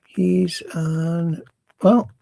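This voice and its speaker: Slow gravelly man hosting a livestream. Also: on the high side, flat delivery, dark tone, no echo, studio quality. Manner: chatty, rambling, reads viewer messages aloud. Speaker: host. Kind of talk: casual livestream chat.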